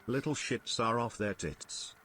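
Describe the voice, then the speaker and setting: A male text-to-speech voice reading out viewers' chat messages in a flat synthetic manner. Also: medium pitch, a little slow, a little hiss or hum.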